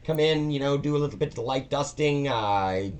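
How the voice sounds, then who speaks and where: A man's voice: mid-range voice, fairly quick, pitched above the performer's own voice, lightly acted. A man voicing a nervous, newly hired male dungeon cleaner who rambles hesitantly and apologizes a lot. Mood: rambling.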